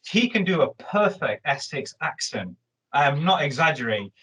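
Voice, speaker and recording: A man's voice: on the high side, big pitch swings, normal speed, fairly bright tone, slightly rough, poor audio. A man with a Nottingham accent hosting a chatty interview, rambling and restarting often. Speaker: host. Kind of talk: casual interview chat.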